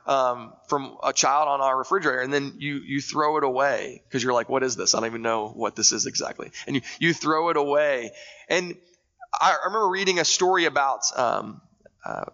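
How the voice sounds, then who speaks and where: Pastor guy preaching, chatty with pauses, brightish voice, kinda muffled, big hall echo. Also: on the high side. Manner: conversational, with thoughtful pauses. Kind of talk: sermon. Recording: dull sound with long reverb in a hall.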